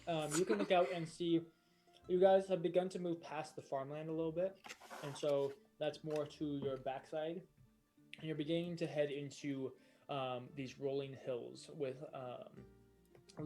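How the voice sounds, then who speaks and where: Mellow-voiced man narrating a tabletop game. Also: a little high, steady tone, moderate pace, soft background music. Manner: meandering, full of fillers and self-corrections. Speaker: game master.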